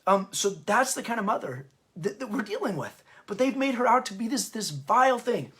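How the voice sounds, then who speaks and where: Impassioned high-voiced man. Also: sing-song, bright, forceful tone. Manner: impassioned, stirred up; halting, often stops and restarts. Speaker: host and parenting author. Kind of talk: unscripted history talk.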